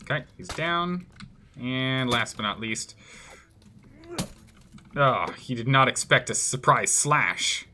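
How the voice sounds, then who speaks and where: A man's voice: medium pitch, lively intonation, slow, long pauses, bright, forceful tone, a little hiss or hum. A man streaming gameplay live, commenting in a playful, jokey way.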